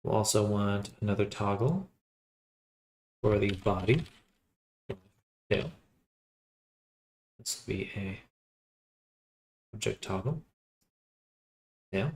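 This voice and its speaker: A sleepy man thinking aloud in a quiet, unhurried murmur while he works through a task on a livestream. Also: lowish voice, slight background noise. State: sleepy, yawning. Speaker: livestreamer building avatars.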